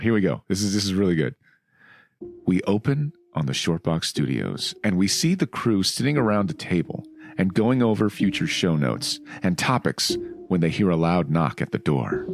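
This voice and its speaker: A man co-hosting a comic book podcast, reading a listener's email aloud with playful, swearing asides. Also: low voice. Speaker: podcast co-host.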